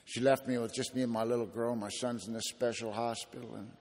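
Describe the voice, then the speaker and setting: A man's voice: mid-range voice, flat delivery, fairly quick, darkish tone, long reverb tail. A man giving a raw, plainspoken personal testimony as a speaker at a recovery meeting.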